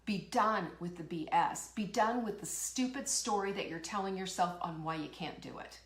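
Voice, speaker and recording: A woman with a lowish voice talks at a moderate pace in an echoey room. She hosts a live motivational program, energetic and emphatic, asking rhetorical questions and laughing while reading out what viewers write.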